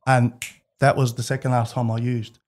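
A man with an Australian accent, a guest in an interview, telling personal stories in a candid, animated way and laughing as he goes. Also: mid-range voice, moderate pace. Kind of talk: casual storytelling.

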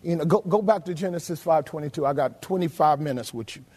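A man pastor delivering a sermon, questioning the congregation, shouting some lines and dropping to a low murmur on others. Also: fast talker. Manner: preaches with shouted emphasis and sudden drops to a low murmur.

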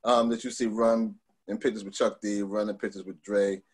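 A middle-aged man from Long Island, telling stories in a casual interview, animated, with many fillers and restarts. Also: fairly low pitch, brisk, breathy edge. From Long Island, New York. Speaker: guest.

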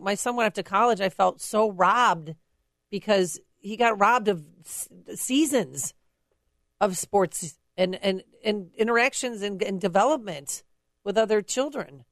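A woman co-hosting a talk radio show, speaking indignantly and interjecting quickly. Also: medium pitch, fairly bright tone, dry recording, studio quality. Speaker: radio co-host.

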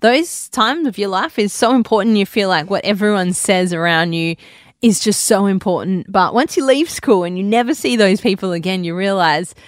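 A woman's voice: medium pitch, moderate pace, no echo. Upbeat woman radio host, dry studio. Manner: friendly, upbeat presenter. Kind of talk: radio interview. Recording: dry studio, faint music behind.

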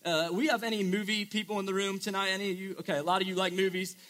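A man's voice: high voice, flat delivery, quick pace, fairly bright tone. A young man preaching a casual sermon to a live audience, chatty and joking with lots of filler words.

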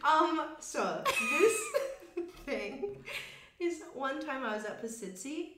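A woman's voice: sits high, expressive, takes it slowly, echoey room, very noisy. A young woman, a comedian co-hosting a podcast, chatting casually and telling stories with frequent laughter. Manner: chatty storyteller, laughs often.

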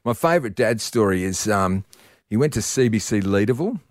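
A man's voice: on the low side, a little fast, dry recording, clean studio sound. A middle-aged Australian man telling stories in casual chat as a podcast guest, acting out voices with laughs. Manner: animated storyteller, acts out voices with laughs. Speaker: podcast guest, sports presenter.

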